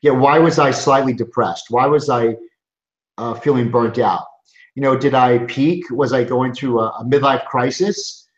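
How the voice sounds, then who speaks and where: Speaking from his office at a measured pace, this medium-pitched middle-aged chiropractor, who founded a coaching group, delivers an earnest, emphatic motivational webinar. He frequently restarts his sentences, and the audio is roomy, dull and lo-fi.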